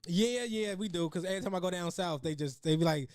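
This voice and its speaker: A man's voice: high voice, expressive, a little fast, few pauses, no room sound, clean studio sound. A man with a Chicago West Side accent, co-hosting a casual podcast chat, rambling with many restarts and laughing through his stories. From Chicago, USA. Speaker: podcast co-host.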